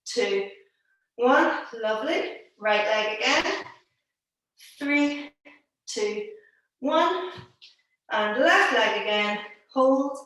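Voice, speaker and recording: A woman teaching a live online pilates class from home over a video call, calmly giving cues and counting down holds, a little out of breath. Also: a little high. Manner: calm instructing, counting holds aloud. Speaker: pilates instructor. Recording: echoey room, distant mic.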